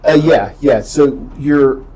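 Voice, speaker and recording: A man's voice: fairly high pitch, slow pace, warm tone, low-quality recording. A man teaching a beginning Greek class, explaining patiently and checking in with "right?" often. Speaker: Greek instructor. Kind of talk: classroom lecture.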